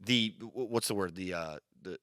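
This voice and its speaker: Podcast co-host, male, lowish voice, quick and brash, dry close sound. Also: fairly bright tone, no echo. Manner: brash, joking trash talk. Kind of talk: casual podcast banter.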